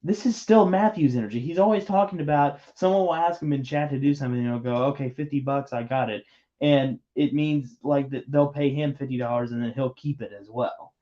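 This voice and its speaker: A man hosts a livestream in a medium-pitched, dark-toned voice, speaking fairly quickly. He chats casually and teases his co-host while building, rambling and often restarting his sentences. The stream audio is muffled and lo-fi.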